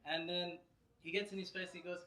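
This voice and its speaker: A man giving a devotional lecture who tells stories with a lot of energy and laughs often. His voice is bright and sits fairly high for a man. The sound carries through a roomy hall from a distant mic, with a faint background hiss. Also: fairly quick. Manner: lively storyteller, laughs often, frequent "you know". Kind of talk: anecdotal religious lecture.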